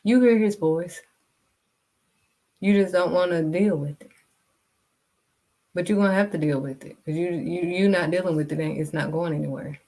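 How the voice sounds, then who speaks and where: A woman's voice: lowish voice, steady tone, normal speed, pauses often, dark tone. A woman vlogger giving a blunt, scolding faith talk straight to camera. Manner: blunt, direct, scolding, refuses to sugarcoat. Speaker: vlogger and kids' modeling teacher.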